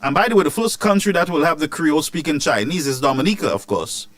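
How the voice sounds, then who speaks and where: A fiery man hosts a political commentary show, his voice pitched high and swinging up and down as he rants. He fires rhetorical questions at listeners. The sound is close and dry, with no room echo. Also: quick pace. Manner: animated, ranting, rhetorical questions. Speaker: host of a news commentary show.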